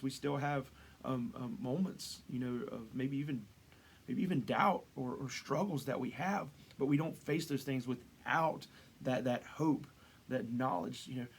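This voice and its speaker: A man's voice: mid-range voice, creaky, slight background noise. A man preaching a casual devotional sermon in a conversational way, with frequent restarts and asides, voice lifting for rhetorical questions. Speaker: pastor.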